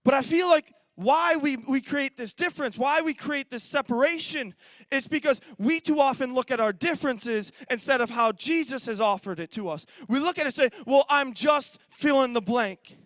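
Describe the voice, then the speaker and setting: A man's voice: very high voice, animated, normal speed, fairly bright tone, no echo. A man preaching a sermon as pastor, emphatic and repetitive, stumbling into restarts as he builds his point.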